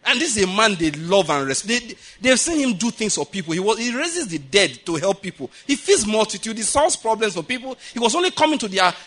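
A male pastor with a Nigerian accent delivers a lively sermon in a church. His voice sits somewhat high for a man. He tells stories and keeps asking his congregation whether they follow his point. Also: fast, hardly any pauses. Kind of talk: sermon with storytelling. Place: church building.

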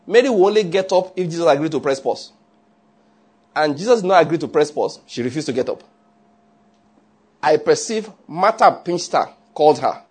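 A man's voice: fairly high pitch, expressive, moderate pace, long pauses, slightly rough. A man preaching a conversational sermon, often checking that listeners follow.

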